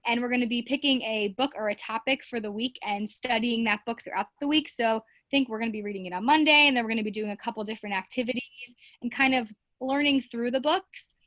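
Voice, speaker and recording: Chatty woman teacher, bright voice. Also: on the high side, fast, no echo. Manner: chatty, many fillers, acts out classroom voices. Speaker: teacher guest. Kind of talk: casual interview chat.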